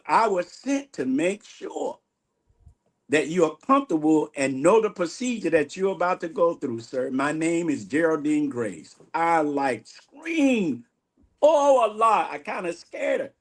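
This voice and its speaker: A man giving an animated spiritual testimony in an interview, acting out the dialogue he recounts. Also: a little high, a little slow. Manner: animated storyteller, acts out quoted dialogue. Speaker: guest minister.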